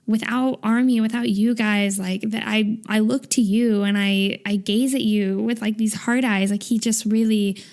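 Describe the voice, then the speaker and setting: A woman's voice: medium pitch, fairly even intonation, normal speed, few pauses, darkish tone. A woman co-hosting a casual fan podcast, talking in a gushing, emotional way. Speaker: podcast co-host.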